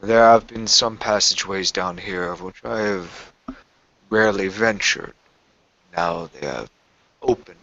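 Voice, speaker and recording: A man's voice: sits low, unhurried, vocal fry, pushed and bright, dry recording, muffled recording, heavily acted. A man voicing a formal, solemn long-armed creature who serves a master, in a tabletop role-play. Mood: troubled. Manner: formal, archaic speech to his master.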